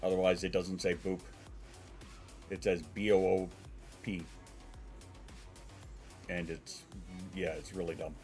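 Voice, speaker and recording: A deep-voiced man with a congested, stuffy sound chats casually on his home stream. He rambles, swears offhand and answers his viewers as he goes. Soft music plays faintly in the background. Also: flat delivery, slow pace, long pauses.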